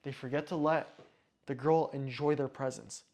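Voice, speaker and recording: A man giving dating advice to the camera in short, emphatic commands, sometimes acting out slow, relaxed lines. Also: mid-range voice. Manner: acts out relaxed date lines slowly. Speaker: dating coach. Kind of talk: direct-to-camera advice talk.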